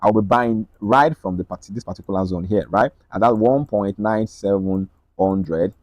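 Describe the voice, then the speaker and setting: Man, low voice, rapid chart walkthrough, dry close sound. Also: darkish tone, no room sound. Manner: rapid, repetitive, checks in with "right?" and "okay?". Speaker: trading analyst. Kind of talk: screen-share market analysis.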